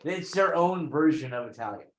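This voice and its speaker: A man's voice: on the high side, animated, normal speed. A man in a casual online meeting, bantering playfully.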